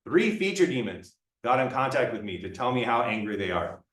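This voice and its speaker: A man voicing a male letter demon who speaks hesitantly and haltingly, heard from afar in a roomy room. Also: medium pitch, very animated, fairly bright tone, pitched below the performer's own voice. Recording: roomy lecture room, mic far off.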